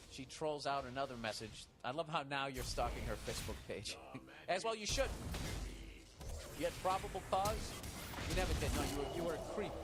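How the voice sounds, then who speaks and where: Guy on a comedy advice show, cussing nonstop, sarcastic and blunt, voice a bit on the high side, loud music behind him. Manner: blunt, sarcastic, heavy swearing. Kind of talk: profane comic advice rant.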